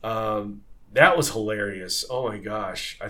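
A man who sailed on tall ships, telling stories in a casual podcast conversation, lively and full of fillers and restarts. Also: on the low side, a little slow. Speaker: former tall ship sailor.

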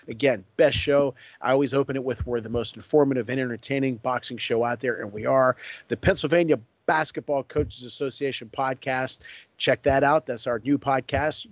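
A man's voice: mid-range voice, dry recording, lo-fi sound. A man hosting a podcast, talking conversationally and reeling off sponsor plugs. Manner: conversational, reels off sponsor plugs and phone numbers. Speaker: podcast host. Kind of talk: interview hosting and sponsor reads.

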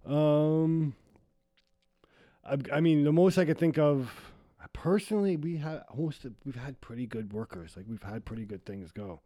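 A man's voice: fairly high pitch, normal speed, dark tone, no room sound, studio quality. A man co-hosting a casual podcast, bantering and laughing at himself. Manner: laughing, self-deprecating banter. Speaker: podcast co-host. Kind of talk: casual chat.

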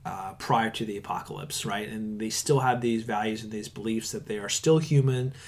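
Man, casual podcast chat, animated, acts out quotes. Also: fairly low pitch, moderate pace. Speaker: podcast co-host.

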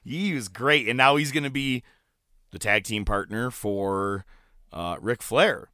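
A man co-hosting a casual wrestling recap podcast, animated and laughing, acting out quotes as he talks. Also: mid-range voice, measured pace, no echo, clean studio sound. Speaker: podcast co-host.

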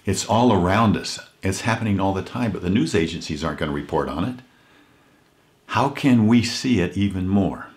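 A man giving an earnest inspirational talk, telling a story and slowing down to stress key points. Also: sits low, animated, darkish tone. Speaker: motivational speaker.

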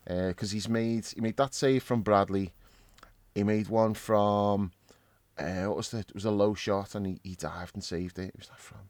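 A man co-hosting a casual football chat, telling stories in an animated way with plenty of swearing and laughter. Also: lowish voice, moderate pace, dry recording. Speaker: football podcast co-host. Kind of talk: casual match reaction chat.

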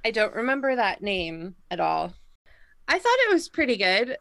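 A woman co-hosting a casual chat podcast, animated and laughing, with lots of "like" in her speech. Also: medium pitch, moderate pace, creaky, no room sound. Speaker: podcast co-host.

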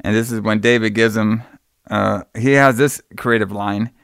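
Man, casual movie recap, rambling, swearing, smooth resonant voice, dry close sound. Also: on the low side, steady tone, normal speed, a bit bright, dry recording.

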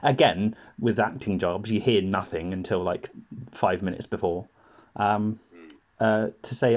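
A man's voice: on the low side, measured pace, lo-fi sound. A man on a podcast, telling rambling stories full of laughs and acted-out quotes, in casual chat.

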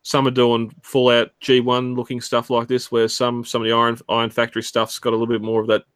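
A man hosting a casual chat show, relaxed and laughing often. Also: medium pitch, quick pace, clean tone, dry recording. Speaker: podcast host.

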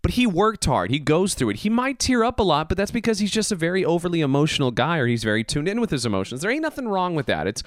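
Man, podcast host, casual rant, lively swooping pitch, dry close sound, laughs and swears. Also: fast, hardly any pauses, no echo. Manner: animated, laughing, swearing, mock voices.

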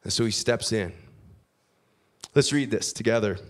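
A man preaching a sermon, reading scripture aloud, with big swings between loud, lifted passages and quiet, low asides. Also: moderate pace. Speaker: pastor.

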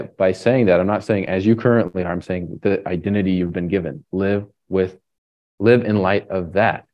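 A man preaching a sermon in a relaxed, conversational way, often tagging on "right?" and pausing with fillers. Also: low-pitched, dull audio. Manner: halting restarts and fillers. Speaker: pastor.

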